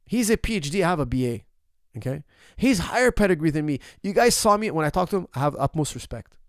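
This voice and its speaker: Emphatic coach with a raised-pitch voice. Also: male voice, very animated, quick pace, dry recording, studio quality. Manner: emphatic, repeats points, answers his own rhetorical questions. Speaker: martial arts coach. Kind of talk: casual Q&A commentary.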